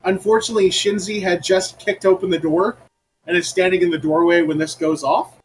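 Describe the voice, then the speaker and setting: A man narrating as game master of a tabletop game, pausing often with ums and uhs. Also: sits high, steady tone, a little hiss or hum, low-quality recording. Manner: halting, with many ums and uhs.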